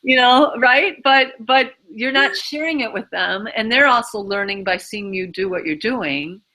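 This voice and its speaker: A woman's voice: a little high, lively intonation, a little slow, pushed and bright, low-quality recording. A woman being interviewed, giving casual advice in a rambling way, full of fillers and little acted-out bits of inner dialogue. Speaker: interview guest.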